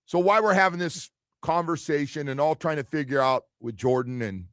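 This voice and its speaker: A man hosting a sports talk radio show, rambling and animated, acting out what other people say. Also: fairly high pitch, fairly quick.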